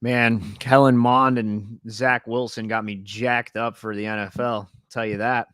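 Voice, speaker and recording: A man's voice: medium pitch, flat delivery, unhurried, fairly bright tone, smooth, dry recording, clean studio sound. A man co-hosting a sports podcast, making wry joking asides in casual chat. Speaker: podcast co-host.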